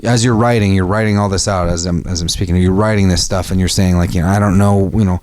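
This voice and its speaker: A man's voice: deep voice, steady tone, quick pace, dry recording. A man hosting a solo podcast, talking casually and frankly, swearing freely and restarting his sentences often. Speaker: podcast host.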